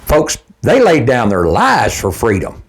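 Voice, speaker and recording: A man's voice: mid-range voice, wildly swooping pitch, unhurried, slightly rough. A man delivering a heated, blunt, profane political rant straight to his audience, hammering his points by repeating them. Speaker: political commentator. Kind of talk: direct-to-camera political rant.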